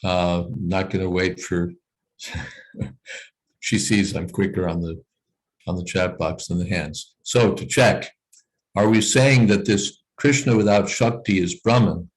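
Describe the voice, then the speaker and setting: Low-voiced male teacher explaining scripture on a video call, unhurried and thoughtful. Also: steady tone, low-quality recording. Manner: thoughtful, explains slowly with "you know" asides. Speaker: teacher leading a scripture reading class. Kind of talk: explanatory class discussion.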